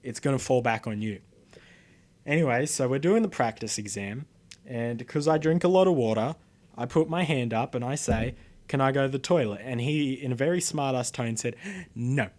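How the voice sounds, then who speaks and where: A man's voice: mid-range voice, normal speed, darkish tone. A teenage boy with an Australian accent, telling a rambling, indignant story to camera with many fillers and swearing. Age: teens. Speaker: vlogger.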